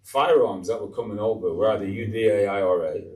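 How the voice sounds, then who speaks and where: Older man, low voice, blunt animated storyteller, retired teacher guest, echoey room, distant mic. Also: brisk. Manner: blunt, animated, acts out quoted people. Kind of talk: casual interview storytelling.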